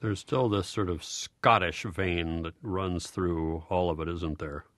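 A man hosting an educational radio program, speaking in a measured, formal presenter's manner. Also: low voice, a bit bright, no echo. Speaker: radio host.

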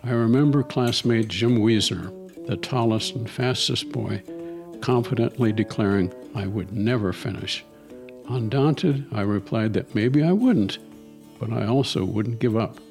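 Gravelly man in his nineties. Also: lowish voice, measured pace. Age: 90s. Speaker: storyteller reading his memoir. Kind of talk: reading a personal memoir aloud. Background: soft guitar music.

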